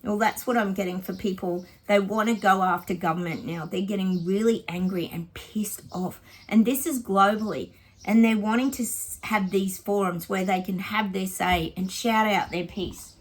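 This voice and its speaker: A woman's voice: medium pitch, moderate pace. An Australian woman psychic chatting casually to her viewers in a rambling vlog reading.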